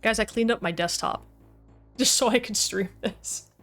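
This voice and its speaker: A woman's voice: medium pitch, normal speed, fairly bright tone, soft background music. A woman chatting casually with her livestream chat while playing a game, goofy and talkative, reading comments aloud. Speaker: game streamer.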